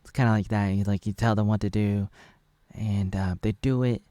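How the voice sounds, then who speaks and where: A man's voice: lowish voice, fairly even intonation, moderate pace, dark tone, no echo. American man, 30s, rambling recap, fillers, dry close sound. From United States. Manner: rambling, meandering, full of fillers and asides. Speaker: video reviewer.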